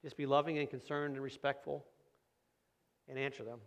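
A man's voice: mid-range voice, little pitch movement, moderate pace. A middle-aged man preaching a conversational sermon, asking rhetorical questions and acting out quoted voices. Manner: acts out quoted voices of kids and parents. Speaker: pastor.

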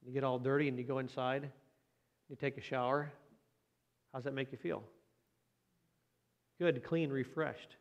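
Man, pastor, conversational sermon, folksy, joking asides, questions to the listeners, mid-pitched voice. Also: steady tone, a little slow, long pauses, muffled recording.

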